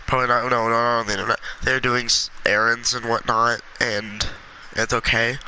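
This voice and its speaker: A congested man talking earnestly and with passion in a gaming vlog, with halting restarts. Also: mid-range voice, little pitch movement, pushed and bright, a little hiss or hum, poor audio. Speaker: gaming video creator.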